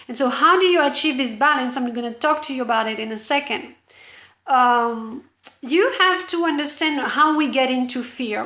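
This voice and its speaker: A woman's voice: sits high, fairly bright tone, roomy sound. A woman business coach giving an earnest, explanatory motivational talk straight to the viewer.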